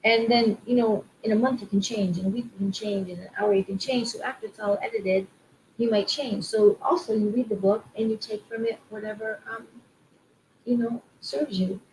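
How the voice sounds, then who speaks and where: A woman talking casually to her viewers about spiritual growth in a gentle, rambling way, repeating affirmations aloud to practise them. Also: mid-range voice, fairly even intonation, normal speed, a little hiss or hum, poor audio. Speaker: spiritual vlogger and card reader. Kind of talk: casual spiritual talk to camera.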